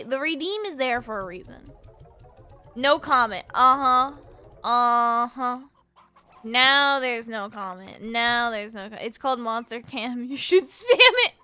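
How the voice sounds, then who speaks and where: High, bright-voiced playful streamer woman. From United States. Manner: chaotic, playful, laughs often, teases chat. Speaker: VTuber streamer. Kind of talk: casual live-stream chat with viewers.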